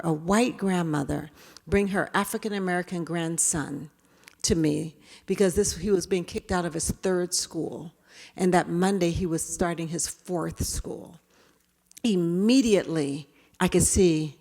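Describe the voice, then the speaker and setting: Animated middle-aged woman telling stories. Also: fairly low pitch, normal speed, vocal fry, long reverb tail. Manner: animated, acts out quotes. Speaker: speaker on implicit bias. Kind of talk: storytelling talk to an audience.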